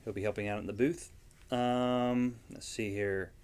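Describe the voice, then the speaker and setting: A man's voice: mid-range voice, fairly even intonation, measured pace, a little mellow, smooth. A man, a guest vendor in a casual interview, speaking in an easygoing, plain-spoken way with frequent ums. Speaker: yarn dyer and guest vendor.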